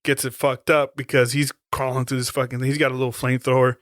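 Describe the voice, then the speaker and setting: A man's voice: mid-range voice, level tone, quick pace, fairly bright tone, no room sound, studio quality. A man co-hosting a podcast, retelling a horror movie scene in a laid-back, profane way. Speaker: podcast co-host. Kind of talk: casual movie chat.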